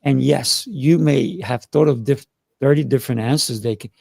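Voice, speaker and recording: Gravelly-voiced man hosting a panel. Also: mid-range voice, moderate pace, darkish tone, no room sound. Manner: earnest, repeats words while finding his point. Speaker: host. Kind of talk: casual panel talk.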